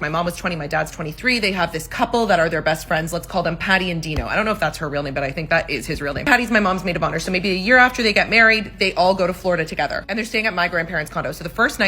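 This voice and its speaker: A woman in her thirties spills an old family story at a rapid clip. Her voice is bright and forward, and she acts out everyone's lines with casual swearing. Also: lowish voice. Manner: gossipy, animated, acts out quotes, swears.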